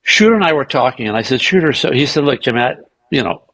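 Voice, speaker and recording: Male guest, gravel in the voice, slightly raspy; spins anecdotes, plays every part, swears freely. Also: mid-range voice, quick pace, poor audio. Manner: animated anecdotes, acting out quoted dialogue; profane and self-mocking. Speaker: podcast guest. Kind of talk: casual storytelling interview.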